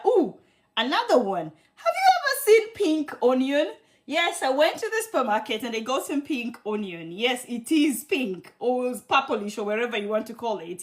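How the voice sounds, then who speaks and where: Chatty high-voiced woman cooking live. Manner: chatty and affectionate, greets viewers by name. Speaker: cooking livestream host. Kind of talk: live cooking demo with viewer chat.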